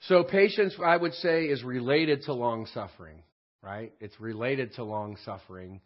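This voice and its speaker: A man teaching a recorded Bible study lesson in a conversational way. He often checks in with "right?" and keeps clearing his throat. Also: mid-range voice, normal speed, highs cut off. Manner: frequent throat clearing and restarts.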